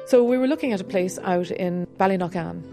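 A woman's voice: lowish voice, fairly quick, music in the background. Woman harp teacher, candid and reflective, being interviewed for radio; faint harp underneath. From Ireland. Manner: candid, reflective, with soft laughs.

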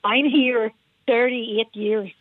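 Female caller, Northern Irish Armagh accent, lively anecdotal chat, dull phone sound. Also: fairly high pitch, slow, no echo. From Northern Ireland. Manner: lively storyteller, laughs often. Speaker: radio caller. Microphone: telephone. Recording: muffled phone line.

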